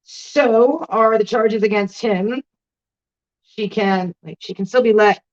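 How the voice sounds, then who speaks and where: A woman's voice: mid-range voice, slow pace, a little mellow. Wry woman co-host, lo-fi stream. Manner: wry, joking asides while reading comments. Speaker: co-host reading chat. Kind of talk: casual livestream talk. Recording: muffled lo-fi stream audio.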